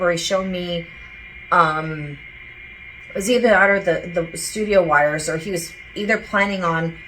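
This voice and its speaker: A woman's voice: lowish voice, fairly bright tone, slight background noise, low-quality recording. A woman working as a psychic medium, talking casually and rambling as she relays what a spirit tells her. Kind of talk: casual channeling session.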